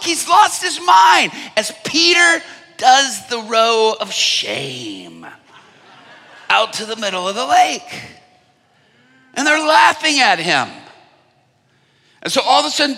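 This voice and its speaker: A man's voice: high-pitched, bright, forceful tone, long reverb tail. A man preaching a sermon, telling a story with humor at a conference. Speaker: evangelist. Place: large conference hall.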